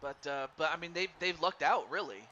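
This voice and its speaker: A man doing live play-by-play commentary on a wrestling game for a stream, excitable and stumbling over his words while chatting with viewers. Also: on the high side, a little fast. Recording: dull lo-fi stream mic with faint noise.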